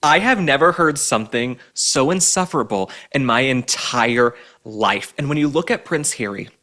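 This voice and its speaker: Animated, sarcastic male political commentator. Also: mid-range voice, normal speed. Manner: sarcastic, mocking, indignant. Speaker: host.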